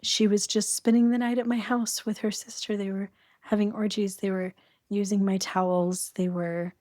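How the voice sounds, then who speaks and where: A middle-aged woman tells a story as a podcast guest, lively and quick. She laughs often. Her voice sits at an ordinary pitch, and the recording is dry and close. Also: no echo. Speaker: guest, abuse survivor.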